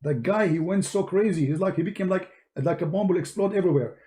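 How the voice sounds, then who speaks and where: A man's voice: high-pitched, quick pace, hardly any pauses, dark tone. A man hosting a confrontational live debate, boastful and sarcastic. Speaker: debate streamer.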